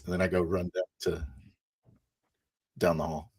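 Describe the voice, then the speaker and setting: Brief: low male voice, tabletop player in character, halting action description. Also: level tone, darkish tone, slightly rough, dry recording. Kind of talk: in-character tabletop role-play.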